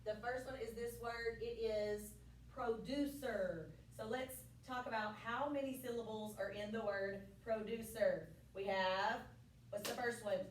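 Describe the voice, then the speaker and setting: A woman teacher giving a lively science lesson to children in a classroom, often checking with them. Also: fairly high pitch, moderate pace. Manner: lively, playful, asks frequent check questions. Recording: echoey classroom from far off, faint room noise.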